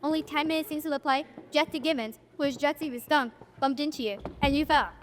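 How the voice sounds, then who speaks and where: A young woman narrates a school stage play in a wry storytelling voice, talking straight to the audience. Her voice is fairly high. It carries through an echoey auditorium, picked up from a distance. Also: brisk, a little hiss or hum. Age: young adult.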